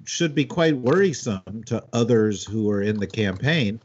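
A man's voice: fairly low pitch, animated, measured pace, a little mellow, a little hiss or hum. A man hosting a political panel discussion, steering the talk and using lots of fillers. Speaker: host. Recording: dull lo-fi audio.

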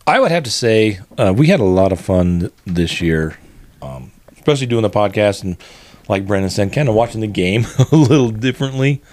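An easygoing older man chatting on a podcast in a very deep voice. He fills his pauses with ums and uhs and talks in an unhurried way. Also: animated, a little mellow, a little hiss or hum. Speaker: podcast co-host. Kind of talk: casual chat.

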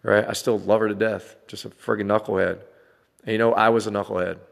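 A man's voice: on the low side, fairly even intonation, fast talker, gravelly, in a large hall. A man in his forties ranting casually to his viewers, blunt and full of swearing, laughing now and then. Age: 40s. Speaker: vlogger dad. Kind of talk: casual rant to camera.

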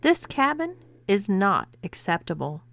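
A woman's voice: mid-range voice, very animated, unhurried, a bit bright. A woman voicing a wary, cautious adult husband who protests warily. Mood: wary protesting.

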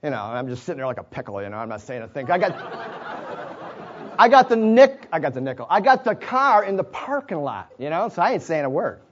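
Brief: male preacher, high voice, storytelling sermon with chuckles and asides, dull lo-fi sound. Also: sing-song, fast, slight background noise. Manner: chuckles often, conversational asides. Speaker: pastor. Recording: dull lo-fi recording.

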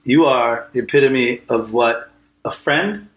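A man hosts a podcast in loose, crude banter, swearing freely and joking bluntly. His voice sits at an ordinary pitch and echoes around a hotel suite. The room sound hangs on every line. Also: measured pace. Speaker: podcast host.

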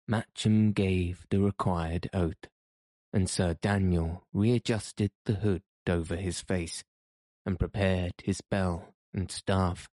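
A man narrating an audiobook in a measured, even storytelling manner. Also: sits low, no echo, studio quality.

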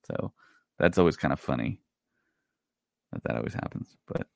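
A man's voice: very deep voice, sing-song, moderate pace, creaky, a little mellow, dry recording, clean studio sound. A man chatting casually as a podcast co-host, sharing trivia with enthusiasm. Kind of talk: casual fan chat.

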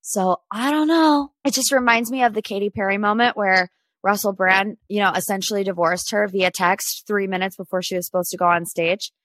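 A woman's voice: medium pitch, steady tone, brisk, a bit bright, no echo. A woman in her twenties hosting a casual pop culture podcast, chatty and opinionated. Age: 20s. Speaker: podcast host.

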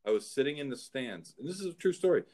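A man's voice: medium pitch, big pitch swings, quick pace, dark tone. A middle-aged man, a show host and horse trainer, telling rambling anecdotes in casual chat. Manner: rambling anecdotes, frequent restarts.

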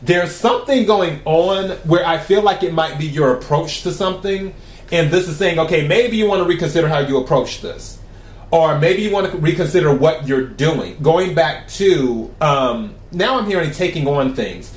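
A man giving a tarot reading to his viewers. He talks in a calm, even way and asks the cards the same question again and again. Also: on the high side, moderate pace, echoey room. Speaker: tarot reader.

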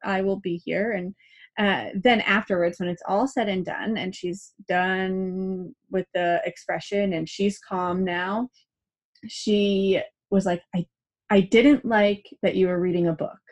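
A woman's voice: medium pitch, steady tone, measured pace. A young adult woman hosting a parenting show, chatting casually, acting out quoted dialogue and using "like" a lot. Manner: chatty, acts out quoted dialogue, many "like" fillers. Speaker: parenting podcast host. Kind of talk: casual advice chat.

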